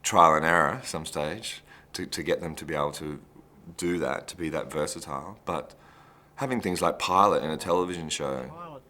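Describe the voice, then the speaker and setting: Brief: very low-voiced man, interview, loose anecdotal delivery. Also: moderate pace, sharp tone. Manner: chatty, anecdotal, restarts phrases. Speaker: actor interviewee. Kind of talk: behind-the-scenes interview.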